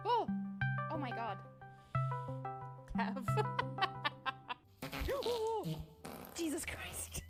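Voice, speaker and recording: Woman streamer, slightly high voice, loose casual chat with viewers, lots of swearing. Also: very animated, extremely slow, long pauses, over loud music. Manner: chatty, swears freely, laughs often. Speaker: game streamer.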